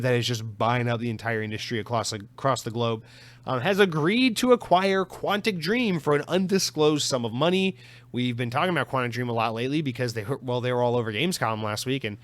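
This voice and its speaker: A man's voice: mid-range voice, dry recording. Brief: male solo podcast host, casual and sarcastic, swears, dry close sound. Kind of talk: solo news commentary podcast.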